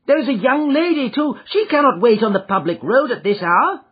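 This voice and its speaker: A man voicing a nervous, fussy middle-aged gentleman in an audiobook, with a high, fluttering voice. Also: animated, brisk, husky, exaggerated voice. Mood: fretful. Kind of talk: audiobook character voice. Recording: muffled lo-fi audio.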